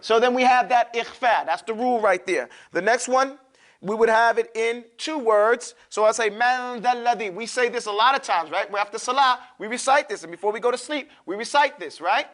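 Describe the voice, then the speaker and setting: A man leads a recitation lesson, his voice pitched unusually high. He drags sounds out slowly so the class can copy them, then rattles off explanations in quick, loose talk. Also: fairly bright tone. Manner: drills and repeats syllables slowly, then talks fast and loose. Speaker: Quran recitation teacher.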